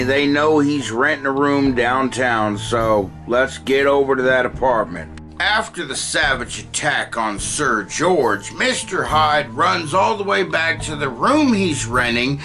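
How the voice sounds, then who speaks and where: A man's voice: mid-range voice, a little slow, faint music behind. A man giving a comedic, profane play-by-play recap of an old film as a movie reviewer. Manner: profane, animated, play-by-play joking.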